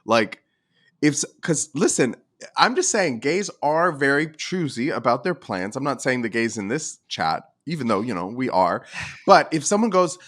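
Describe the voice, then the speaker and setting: Guy on a podcast doing little voices for what people say, pitch jumping all over. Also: normal speed. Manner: animated, acts out quoted dialogue. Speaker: podcast co-host. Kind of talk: casual chat.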